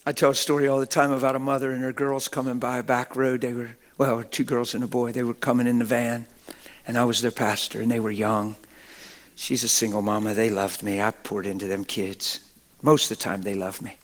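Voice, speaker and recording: A man's voice: mid-range voice, flat delivery, brisk. A middle-aged man preaching a sermon as a pastor, exuberant and folksy, breaking into laughter.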